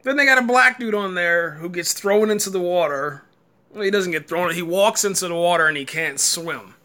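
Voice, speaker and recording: A man's voice: high voice, moderate pace, fairly bright tone. A man giving a casual, exasperated review rant, stumbling and repeating words and breaking into laughter. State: tired, early morning.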